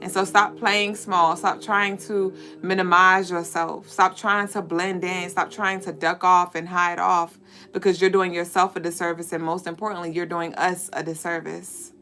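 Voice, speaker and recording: A woman's voice: lowish voice, little pitch movement, normal speed, pushed and bright, faint music behind. A woman hosting a live-stream spiritual reading, speaking to her viewers directly with repeated affirmations. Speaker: spiritual reader and host.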